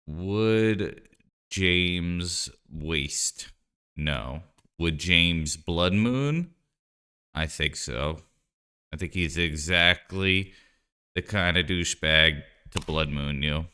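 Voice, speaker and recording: A man's voice: low-pitched, very slow, pushed and bright, clean tone. A man streaming live, chatting casually and joking while he plays a card game, rambling with lots of "like" and "you know".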